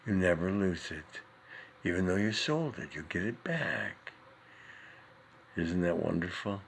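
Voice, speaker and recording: A rambling, wisecracking ancient old Jewish man, as a man puts him on, talking in a deep, heavily gravelly voice. He drifts between folksy preaching and old-school jokes peppered with Yiddish words. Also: animated, measured pace, slight background noise, exaggerated voice. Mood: preachy. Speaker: comedic host. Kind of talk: comic monologue in character.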